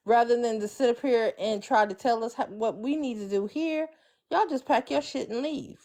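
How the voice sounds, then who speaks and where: Slow blunt woman ranting. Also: medium pitch. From United States. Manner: blunt and profane, slow, emphatic. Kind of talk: heated casual rant.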